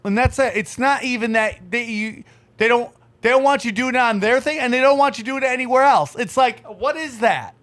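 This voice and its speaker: A man's voice: very high-pitched, fairly quick, a bit bright. A man hosting a podcast, chatting casually in a brash, rambling way with lots of swearing. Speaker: podcast host. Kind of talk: casual chat.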